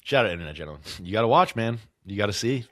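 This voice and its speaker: A young man co-hosting a podcast, chatting casually, swearing freely and repeating himself as he talks. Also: fairly low pitch. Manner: animated, swears freely, quick laughs and repetitions. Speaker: podcast co-host. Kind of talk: casual chat.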